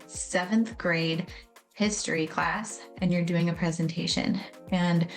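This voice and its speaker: A woman explaining how memory works in a casual, conversational way, acting out little scenes as she goes. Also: on the low side. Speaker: educator explaining memory and trauma. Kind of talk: explanatory video talk.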